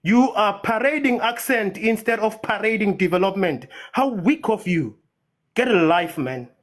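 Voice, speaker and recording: A man's voice: sits high, lively intonation, moderate pace. A man from Nigeria ranting passionately in a heated live audio-room debate, repeating words for emphasis. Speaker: debate participant.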